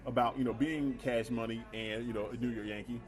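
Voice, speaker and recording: A man's voice: mid-range voice, fairly even intonation, a little fast, music in the background. A man co-hosting a casual chat show, talking earnestly, asking rhetorical questions and repeating words while he works out his point. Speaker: podcast co-host.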